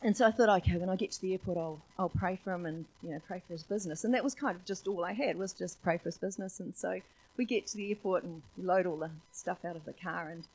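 Husky New woman telling stories. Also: fairly low pitch, quick pace, poor audio. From New Zealand. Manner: animated storyteller, laughs often, acts out voices. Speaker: church speaker. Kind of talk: sermon with personal storytelling.

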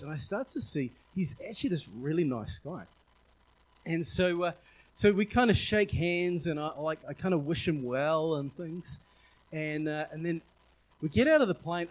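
A man's voice: fairly high pitch, breathy edge. A man from New Zealand with a New Zealand accent, a pastor telling a candid, rambling personal story in a sermon, full of fillers and restarts. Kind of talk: sermon anecdote.

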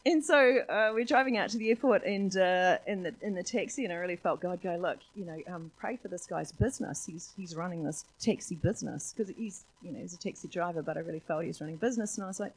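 Husky New woman telling stories. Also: fairly low pitch, quick pace, few pauses, rough recording. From New Zealand. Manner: animated storyteller, laughs often, acts out voices. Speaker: church speaker. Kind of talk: sermon with personal storytelling.

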